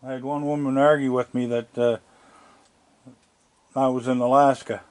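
An older man, chatting casually outdoors at his house, plainspoken, coaxing the animals gently as he talks. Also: mid-range voice, flat delivery, normal speed. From Nova Scotia, Canada. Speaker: wildlife vlogger. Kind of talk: casual talk while feeding raccoons.

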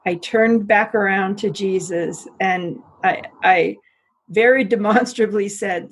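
A middle-aged American woman telling a personal story in an interview, halting with frequent restarts. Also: mid-range voice, breathy edge. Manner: halting, many restarts and repeats. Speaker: interview guest.

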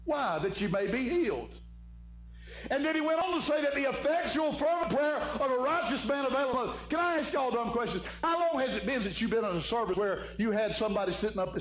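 A man preaching an evening sermon as pastor, fervent and fond of saying "my friend". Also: very high-pitched. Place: church sanctuary. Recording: echoey church room with faint hum.

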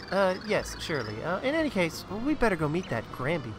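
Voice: mid-range voice, huge pitch swings, brisk, hardly any pauses, music in the background. A let's-play host giving playful, giggly commentary while playing a video game. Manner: giggly, playful, laughs often. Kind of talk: casual gameplay commentary.

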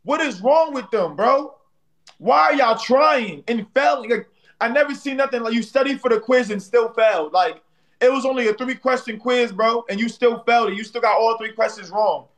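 High-voiced man trash-talking on a live stream. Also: normal speed. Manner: playful trash-talking, teasing viewers and a rival streamer; slangy, repeats phrases, tags lines with "bro". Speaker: livestream host. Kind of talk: casual live-stream banter.

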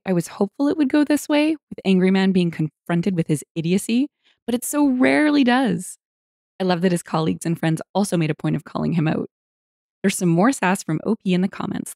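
Lively woman telling stories. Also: medium pitch, creaky, no echo, studio quality. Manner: lively, expressive storytelling with acted quotes. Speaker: story narrator. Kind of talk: reading internet stories aloud.

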